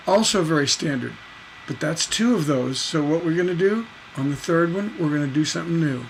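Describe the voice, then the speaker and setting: A man teaching songwriting on a livestream, taking a lyric apart in a playful, animated way and singing out the syllable patterns as he goes. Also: fairly high pitch, normal speed, slight background noise, poor audio.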